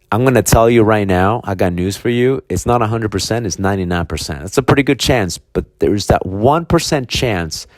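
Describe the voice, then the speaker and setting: A low-pitched man, a dog trainer hosting his own podcast, delivers a casual, profane monologue and slips into voices for imagined conversations. The sound is dry and close, with no room around it. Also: darkish tone, no room sound. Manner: blunt, profane, acts out hypothetical dialogue.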